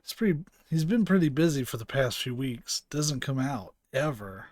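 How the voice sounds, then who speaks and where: A man's voice: mid-range voice, expressive, moderate pace, a little mellow, slight background noise, lightly acted. Give me a man playing an offhand, chatty male receptionist.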